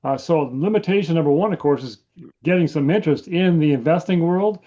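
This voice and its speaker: A man who wrote a book explains his view as a talk show guest in a brisk, folksy way. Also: on the high side, dark tone, lo-fi sound. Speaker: author guest. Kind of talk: casual chat.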